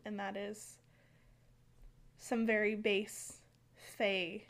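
A woman's voice: medium pitch, flat delivery, extremely slow, fairly bright tone. An American woman co-hosting a podcast, chatting casually about folklore with lots of fillers and some stumbling. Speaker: podcast co-host.

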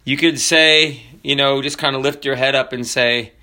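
A man preaching a sermon with jokes and animated storytelling. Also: medium pitch. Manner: animated, jokey storytelling with drawn-out emphasis.

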